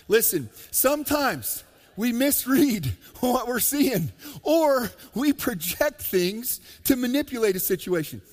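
A man preaching a sermon as pastor, animated and joking, swinging between emphatic loud lines and soft low ones. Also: slow pace. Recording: long reverb of a large hall.

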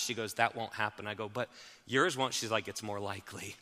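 Male pastor, bright-toned, preaching in a reverberant hall; shifts between quiet emphasis and loud rapid bursts. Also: on the low side. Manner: swings from hushed, slow emphasis to loud, fast, animated asides. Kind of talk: sermon.

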